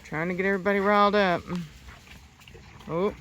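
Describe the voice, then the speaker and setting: A woman vlogging casually in a rural yard, chatting to the camera and breaking off to shout sharp commands at her dogs. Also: mid-range voice, fairly even intonation, fairly quick, slight background noise. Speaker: dog breeder and vlogger. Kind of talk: casual vlog narration.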